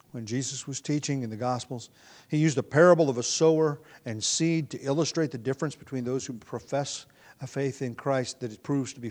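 A man's voice: medium pitch, a little mellow. Earnest man preaching a verse-by-verse sermon. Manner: earnest teaching, frequent fillers and restarts. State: nagging cough. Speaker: pastor. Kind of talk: expository sermon.

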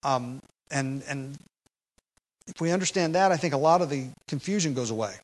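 A man's voice: mid-range voice, rough recording. Man preaching an expository sermon. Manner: rises to loud emphatic delivery when quoting scripture; measured teaching pace with fillers.

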